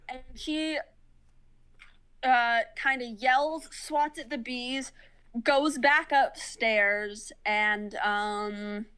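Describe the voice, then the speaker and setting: A woman narrating as game master in a casual tabletop session, laughing easily and pausing with fillers while she checks rules. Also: high voice, sharp tone, clear, resonant tone, rough recording.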